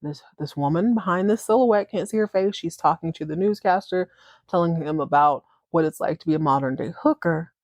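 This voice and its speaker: A woman host chatting casually through a TV episode recap, slangy and animated. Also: fairly low pitch, fairly quick, no echo, clean studio sound. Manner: chatty, slangy, acts out characters. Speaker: podcast host.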